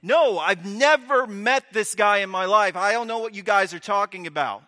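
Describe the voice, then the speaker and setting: A proud, eager apostle, voiced by a man, who stammers and insists, his bright voice rising a touch. The sound carries a long hall echo. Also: fairly high pitch, normal speed. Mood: panicked denial. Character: eager boastful male apostle, young adult.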